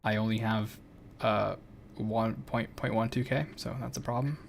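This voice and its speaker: A man's voice: fairly low pitch, flat delivery, moderate pace, creaky, slight background noise. A man streaming a game, chatting casually in a rambling, self-correcting way. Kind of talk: casual gameplay chat.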